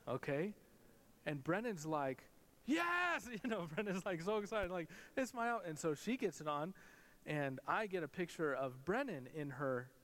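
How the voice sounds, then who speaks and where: A man in his thirties, a pastor, giving a conversational sermon and telling family stories, his voice leaping up when he quotes others. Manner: conversational storytelling, pitch jumps when quoting others. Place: church sanctuary. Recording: long hall reverb.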